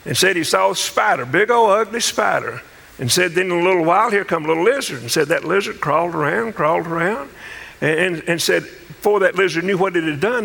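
A man's voice: sits high, vocal fry, sharp tone, breathy edge, long reverb tail. A man preaching a sermon, telling a folksy story and then building to emphatic preaching. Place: church.

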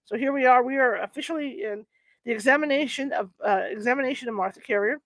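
A woman hosting a channel, reading a historical book aloud with chatty asides and halting over old wording. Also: sits high, a bit bright, no echo. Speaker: host of a paranormal reading channel.

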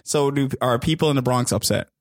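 A man's voice: mid-range voice, brisk, no room sound, clean studio sound. A man hosting a casual podcast, teasing his co-host and stumbling over his words.

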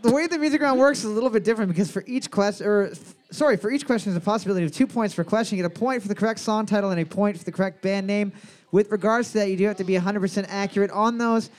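A man's voice: high voice, very fast. A man hosting a bar trivia night, joking and swearing with his co-host as he reads answers and scores. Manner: crude, joking, profane.

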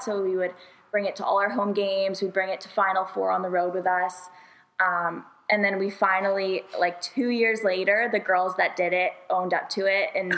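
A woman's voice: mid-range voice, fairly bright tone, low-quality recording. Young woman volleyball player, chatty storyteller on a podcast, lots of likes and laughs. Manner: chatty, laughs often, many "like" fillers. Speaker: guest, university volleyball player.

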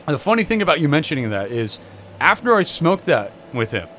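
A man's voice: on the high side, normal speed, a little hiss or hum. A man co-hosting a podcast, telling stories in a casual, profane way and acting out the people he quotes. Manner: animated, profane, acts out every quote. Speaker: podcast co-host. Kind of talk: casual storytelling chat.

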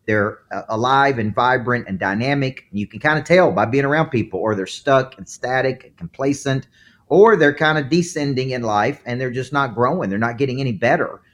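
A man with a Southern twang talks in a lively, fluent way as a podcast guest. He has a mid-range voice and sounds like a seasoned coach explaining his method. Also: medium pitch. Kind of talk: podcast interview answers.

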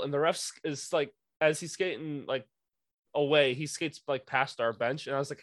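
A young man coaching youth hockey, telling a profane, animated story in casual podcast chat. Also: mid-range voice, a little fast, no echo.

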